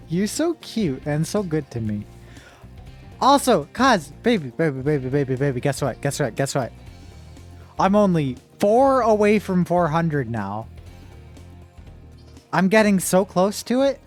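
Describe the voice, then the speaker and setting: A woman's voice: lowish voice, big pitch swings, measured pace, a little mellow, faint music behind. A woman streamer chatting casually with her viewers while gaming, rambling and emotional, with sudden frustrated outbursts.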